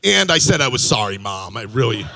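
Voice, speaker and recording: A man's voice: medium pitch, sing-song, brisk, gravelly, a crowd in the background. A middle-aged man doing a stand-up comedy set on a club stage, rambling loosely and chuckling at his own punchlines.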